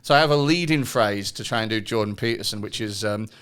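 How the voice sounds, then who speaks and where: A man's voice: fairly low pitch, quick pace, clear, resonant tone. A man hosting a casual podcast chat, swearing and joking freely. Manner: sweary, laughing, animated. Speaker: podcast host.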